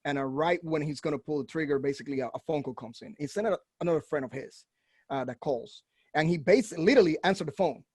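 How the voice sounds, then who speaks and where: A man hosting a veterans' podcast, telling stories in an animated, casual way and acting out the quotes. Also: a little high, fast, breathy edge, no echo, studio quality. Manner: animated storyteller, acts out quotes. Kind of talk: casual conversation, storytelling.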